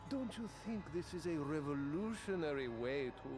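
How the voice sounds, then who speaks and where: An actor playing a smug, sinister older cult leader in a video game, slow and mock-polite. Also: male voice, on the high side, expressive, lightly acted. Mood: gloating. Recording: game audio over music.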